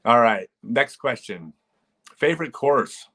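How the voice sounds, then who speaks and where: A man hosting a live stream, telling disc golf stories in a casual, animated way, often chuckling as he talks. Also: on the low side, drawn-out words, long pauses, husky. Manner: animated storyteller who chuckles and acts out quotes.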